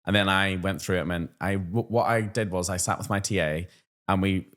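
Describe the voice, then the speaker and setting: A man with a Belfast accent talks fast in a low register as he co-hosts a casual chat. He is a teacher who tells his stories with energy and acts out the people in them. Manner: lively storyteller who acts out quotes. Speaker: teacher and podcast co-host.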